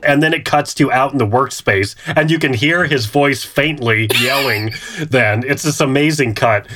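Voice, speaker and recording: A man's voice: medium pitch, moderate pace, background noise. A man co-hosting a casual podcast, animatedly retelling a movie scene by scene and acting out its characters. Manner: animated storyteller who acts out characters. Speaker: podcast co-host.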